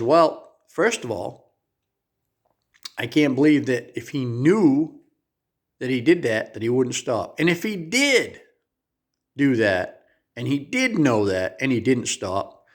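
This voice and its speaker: Man, motivational talk, earnest and folksy, mid-range voice. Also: mid-range voice. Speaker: motivational speaker.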